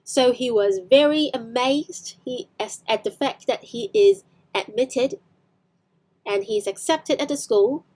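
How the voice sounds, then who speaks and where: A woman's voice: fairly high pitch, slow, darkish tone. A woman with a Hong Kong accent teaching English online, explaining film scenes with frequent fillers and self-corrections.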